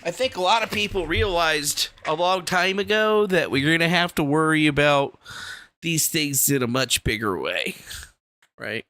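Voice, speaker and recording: A man's voice: fairly high pitch, expressive, unhurried, bright, forceful tone. A young man hosting a livestream, ranting in a casual, profane and rambling way from a small room. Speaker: livestream host. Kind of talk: casual political rant.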